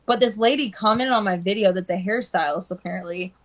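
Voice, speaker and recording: Animated woman telling salon stories. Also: mid-range voice, a little fast. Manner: animated storytelling, acts out quoted people. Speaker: hairstylist. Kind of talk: casual live-stream chat. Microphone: phone.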